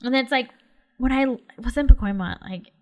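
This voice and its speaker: A woman's voice: sits high, fairly quick, darkish tone. A young woman from the Los Angeles area co-hosting a podcast in casual chat, full of "like" and "um" fillers. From Los Angeles area, California. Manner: chatty, lots of "like" and "um" fillers. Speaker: podcast co-host.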